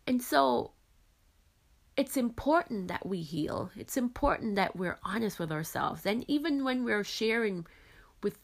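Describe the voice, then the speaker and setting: Woman podcast host, Caribbean-raised, faith talk, earnest and reflective, middle pitch. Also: gravelly. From Caribbean islands. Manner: earnest, reflective, frequent "you know".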